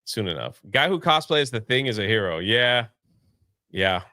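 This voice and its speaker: Bright-voiced laid-back male movie reviewer. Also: mid-range voice, expressive, measured pace, no echo, studio quality. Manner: rambling, laid-back, many fillers. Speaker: co-host of a movie review show. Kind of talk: casual movie review chat.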